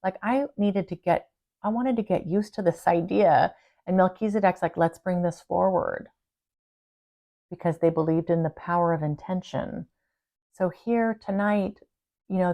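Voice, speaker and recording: A woman's voice: on the low side, warm tone. A woman spiritual channeler talking to her viewers in an earnest, confiding and rambling way. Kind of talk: casual personal monologue to viewers.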